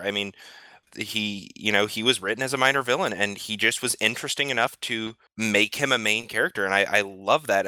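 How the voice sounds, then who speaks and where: A man with a lower voice that sounds very bright and crisp talks casually on a podcast. He is enthusiastic and often stammers when he restarts a sentence. The recording is dry and close. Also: dry recording. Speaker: podcast panelist. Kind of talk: casual discussion.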